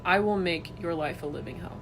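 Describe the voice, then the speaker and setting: A woman's voice: lowish voice, fairly quick, noisy background. A woman ranting into her phone for social media, swearing, taunting and threatening someone, rambling with lots of fillers. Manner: filler-heavy, rambling speech. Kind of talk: angry unscripted social media rant.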